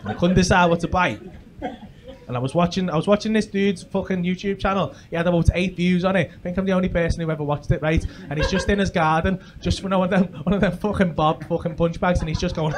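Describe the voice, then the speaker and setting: Scouse comic, young, bawdy yelled storytelling; raised pitch, live room noise. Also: male voice, fast talker. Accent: Liverpool. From England. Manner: swearing, shouts sound effects and battle cries. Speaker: stand-up comedian. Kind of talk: stand-up storytelling. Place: comedy club with audience laughter.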